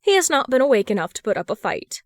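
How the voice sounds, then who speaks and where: A woman's voice: fairly high pitch, sing-song, quick pace, no room sound, clean studio sound, pitched above the performer's own voice. A woman voicing a formal, insistent boy who speaks firmly and precisely. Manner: formal, firm, clipped.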